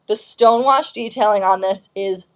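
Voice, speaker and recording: A woman in her thirties hosting a live shopping stream, telling stories in a casual, animated way with lots of fillers. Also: mid-range voice, normal speed. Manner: animated storyteller, acts out quotes, lots of "like" and "um". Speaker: host of a live shopping show.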